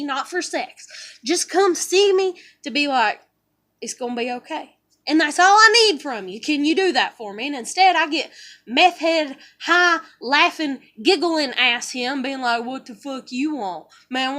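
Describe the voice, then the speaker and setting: A woman with a high voice vents her frustrations in a raw, emotional monologue. She swears freely and keeps circling back with fillers as she talks it through. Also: bright, forceful tone. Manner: profane, heated venting with many fillers. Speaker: vlogger. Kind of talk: emotional personal rant.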